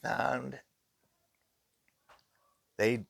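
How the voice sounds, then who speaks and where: Gravelly middle-aged man, innkeeper spinning ghost tales, dry close sound. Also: medium pitch, very slow, no echo. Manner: animated, acts out quoted voices. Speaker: innkeeper telling ghost stories. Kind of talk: casual storytelling.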